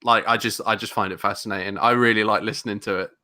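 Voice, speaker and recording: Brief: London-accented male podcast co-host, low bright voice, talks in eager restarts. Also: fast talker. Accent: London English. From England. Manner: animated, rambling with many restarts. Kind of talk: casual chat.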